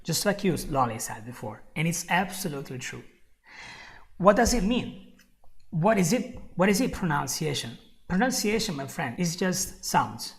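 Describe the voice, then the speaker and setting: A woman giving a live online English lesson, who repeats her key points, chuckles often and calls the viewer "my friend". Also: fairly low pitch. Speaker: English teacher.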